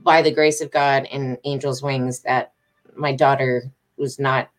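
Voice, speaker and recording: A woman's voice: extremely low pitch, level tone, unhurried. A middle-aged woman telling a story casually to her followers, agitated, emphatic and rambling, with swearing. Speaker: vlogger.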